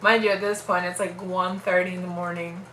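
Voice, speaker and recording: Young woman, casual vlog storytelling, animated quoting, crisp tone, roomy echo. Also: on the low side, a little fast, a little hiss or hum. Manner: animated, acts out quoted voices. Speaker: vlogger telling her birth story.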